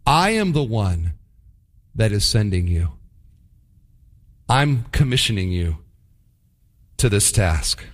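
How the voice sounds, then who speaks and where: Brief: God as a deep, firm, authoritative voice, as a male preacher puts him on. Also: big pitch swings, slow, long pauses. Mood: commanding. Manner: firm, commanding. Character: God, commanding divine male voice.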